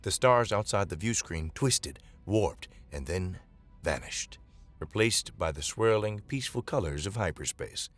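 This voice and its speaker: A low-voiced man reads a dramatic science-fiction story at an even, measured pace. A faint music bed runs under his reading. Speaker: narrator. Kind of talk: dramatic sci-fi story narration.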